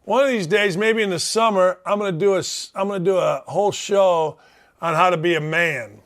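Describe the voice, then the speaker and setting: A man hosting a sports talk show, ranting in a loud, blustery, rambling way and turning combative. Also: high voice, fairly quick. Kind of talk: opinionated sports radio rant.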